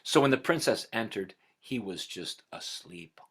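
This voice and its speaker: A middle-aged man telling a folktale aloud, expressive and swinging from whispers to loud passages. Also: mid-range voice, measured pace, slight background noise. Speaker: storyteller.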